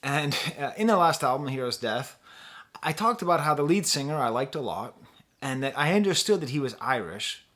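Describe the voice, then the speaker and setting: A middle-aged man from the States hosts a casual music review, thinking aloud as he goes. He rambles and pokes fun at himself, often stopping and restarting a sentence. His voice sits at an ordinary middle pitch. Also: lively intonation, normal speed, a bit bright. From United States. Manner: rambling, chatty, self-deprecating with frequent restarts. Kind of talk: casual talking-head review.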